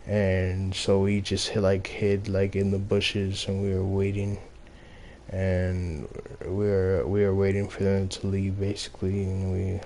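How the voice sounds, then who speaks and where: A young man from Los Angeles tells a story in a low, flat voice, dragging along slowly. His tone is dark and relaxed, and he fills every gap with "like," "um," and casual swearing. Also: slight background noise. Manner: rambling, heavy on fillers and profanity.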